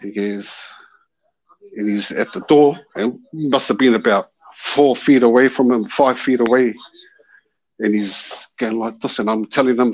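A caller with a husky, mid-range voice tells a casual story at a measured pace, animatedly acting out the voices of its characters. The call-in audio is dull and lo-fi.

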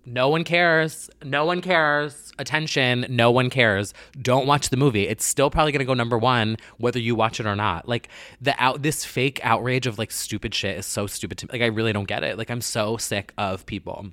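A man's voice: medium pitch, steady tone, fairly quick, few pauses, fairly bright tone, no room sound. Guy ranting about pop culture drama, sassy and fed up, swears a lot, dead dry sound. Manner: sassy, exasperated, profane. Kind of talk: casual ranting vlog.

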